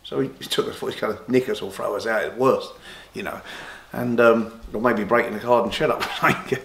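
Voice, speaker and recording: A man's voice: fairly low pitch, fairly even intonation, a little fast, gravelly, fairly bright tone, echoey room. A man, an interview guest telling long rambling stories with many restarts, livening up when he quotes others. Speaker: interview guest, former boxer and golfer. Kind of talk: casual storytelling interview.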